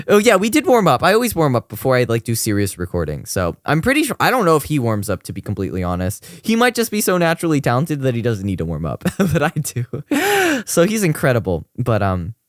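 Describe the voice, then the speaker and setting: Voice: medium pitch, huge pitch swings, a little fast, no echo, clean studio sound. A young adult streamer chatting casually with viewers, rambling with lots of fillers and laughing often. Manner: giggly, laughs often, gushing. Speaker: streamer reviewing a cover mix.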